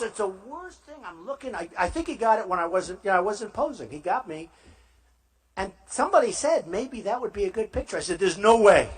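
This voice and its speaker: A man's voice: high-pitched, husky. An older man giving a campaign rally speech at a podium microphone in a school hall, talking in a boastful, repetitive way with asides to the crowd. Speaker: political candidate.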